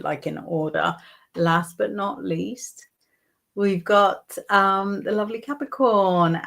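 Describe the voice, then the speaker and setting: A woman hosting a live tarot stream, talking through the cards at an unhurried pace with frequent ums and reading viewers' comments aloud. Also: lowish voice, creaky. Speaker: psychic and tarot host.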